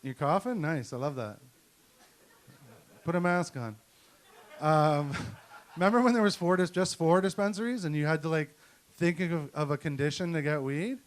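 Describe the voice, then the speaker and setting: A man's voice: on the high side, moderate pace, pauses often. A middle-aged man from Canada doing a crude, profane stand-up set, ranting through his stories at a comedy night. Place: comedy night at a venue with an audience.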